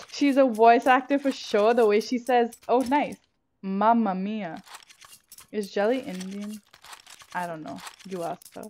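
A young woman with a fairly high voice talks over her gameplay as a streamer, loose and unfiltered. She swears casually and bursts into sharp yelps whenever a shot goes wrong, all picked up close on a gaming headset. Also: a little slow, long pauses, a little hiss or hum. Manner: excitable, swears freely, shrieks at misses. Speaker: game streamer. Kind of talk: casual live gameplay commentary.

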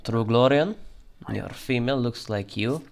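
This let's play gamer speaks at medium pitch with vocal fry, keeping a measured pace while a slight hiss or hum sits underneath. He comments on his play in a fake Russian accent, acting as a stern border guard who addresses the characters in a clipped, official way.

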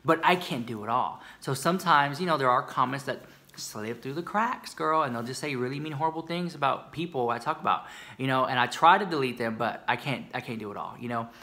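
A man's voice: mid-range voice, a little fast, sharp tone. A man gossiping sassily to camera about beauty news, chatty and dramatic, calling the viewer girl. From United States. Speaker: beauty commentary YouTuber. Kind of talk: casual gossip commentary to camera.

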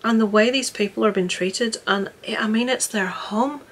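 A woman's voice: fairly high pitch, normal speed. A young woman chatting casually about films she watched, earnest and rambling with frequent restarts. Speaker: vlogger reviewing films. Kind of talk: casual film review chat.

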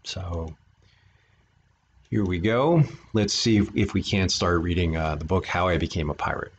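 A man's voice: low voice, normal speed, slight background noise. A man reading a children's picture book aloud as a storyteller, breaking off for chatty asides to his listeners. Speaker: storyteller for an art studio. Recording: dull lo-fi recording.

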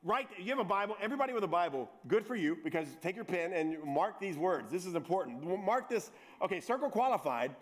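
A man's voice: sits high, fairly quick, hardly any pauses. A middle-aged man, a pastor preaching a sermon, teasing his congregation with joking asides and repeating words as he gets going. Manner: repeats words and restarts when excited.

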